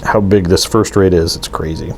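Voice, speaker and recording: A man's voice: low voice, steady tone, normal speed, a little mellow, a little hiss or hum. A man hosting a miniatures hobby channel, talking through his models in a casual show-and-tell vlog, rambling with many ums and restarts.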